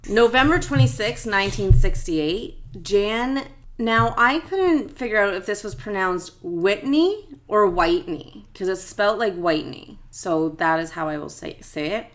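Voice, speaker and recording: A woman co-hosting a true crime podcast, reading the case facts steadily from her notes. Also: mid-range voice. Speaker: podcast co-host.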